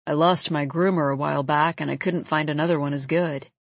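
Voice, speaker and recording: A laid-back young man, voiced by a woman narrator, speaks low and unhurried in an audiobook. His tone stays easy and a little teasing. The recording is close and dry. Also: steady tone, vocal fry, dry recording. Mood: easygoing teasing. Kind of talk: audiobook character voice.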